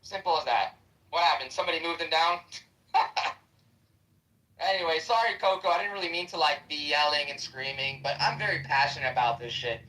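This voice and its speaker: A man's voice: on the high side, a little fast, bright, forceful tone. A man ranting aggressively and with heavy profanity in a heated live-stream debate. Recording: voice distant from the mic.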